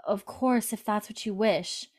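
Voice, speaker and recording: A woman voicing a timid, devoted young maidservant in a put-on Scottish accent, soft and pleading. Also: mid-range voice, a little slow, pitched above the performer's own voice, natural voice.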